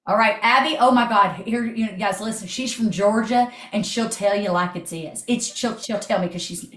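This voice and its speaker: A woman hosting a motivational video call, energetic and chatty, swearing casually. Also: mid-range voice, normal speed, roomy sound. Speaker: host.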